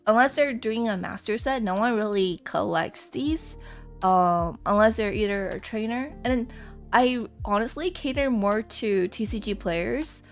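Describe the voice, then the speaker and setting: A woman's voice: medium pitch, measured pace, faint music behind. A young woman streaming live, chatting casually and telling rambling stories, laughing often at herself. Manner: giggly, rambling, self-deprecating storytelling. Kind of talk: casual live-stream chat while drawing.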